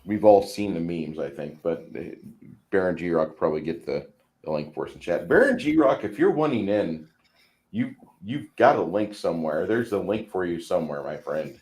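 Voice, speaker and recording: A man's voice: sits low, animated, normal speed, darkish tone. A man hosting a casual stream, chatting while painting miniatures, rambling and often repeating words. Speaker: stream host. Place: home.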